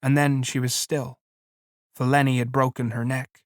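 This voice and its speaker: A man narrating a novella in a measured, plain storytelling reading. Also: mid-range voice, little pitch movement, dry recording, studio quality. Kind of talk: audiobook reading.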